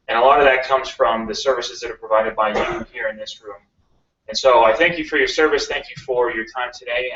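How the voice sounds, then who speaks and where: A man in his thirties giving an earnest, halting campaign speech to a meeting room, stumbling on uhs as he goes. He sounds far from the mic, with a roomy echo and a dull, lo-fi tone. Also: mid-range voice, a bit bright. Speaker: county council candidate.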